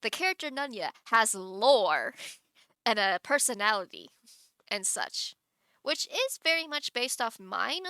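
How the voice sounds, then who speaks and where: A woman's voice: fairly high pitch, very animated, measured pace, sharp tone, clear, resonant tone, no echo, studio quality. A woman streamer chatting casually on a live stream, giggling often and rambling with many restarts.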